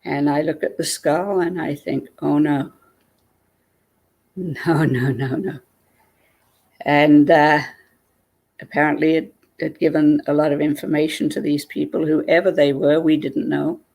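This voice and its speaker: A woman, a guest, telling a personal story in a lively way and acting out what people said. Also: low voice, normal speed, gravelly.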